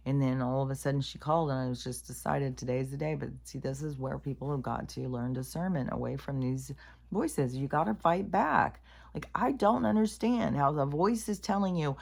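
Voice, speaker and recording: A woman with an unusually deep voice talks straight to her viewers in a casual spiritual vlog. Her delivery is blunt and rambling, full of swearing, and she calls herself raunchy. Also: moderate pace, vocal fry, a little mellow. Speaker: spiritual vlogger. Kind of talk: casual spiritual monologue to camera.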